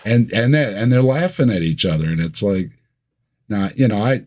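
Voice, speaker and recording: A man chatting as a guest on a livestream, his voice low and a little husky. He talks in a wry, unhurried drawl and stretches out his points with dry asides. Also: expressive, a little mellow. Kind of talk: casual livestream chat.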